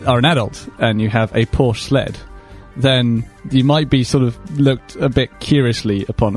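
A man speaks as a studio guest on a casual radio chat. He rambles with a dry, self-mocking humour. His pitch is middling, with faint music underneath. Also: darkish tone.

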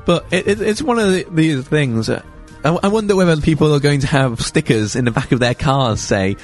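A man hosting a radio show, chatting casually and quickly with stumbling restarts, in a radio studio. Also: fairly high pitch, expressive, faint music behind.

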